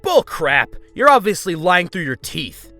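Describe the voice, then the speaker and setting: A man voicing a rude, furious woman shopper with a hoarse smoker's voice who scolds in a shrill tone. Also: big pitch swings, a little slow, pushed and bright, faint music behind, exaggerated voice. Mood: scolding angry.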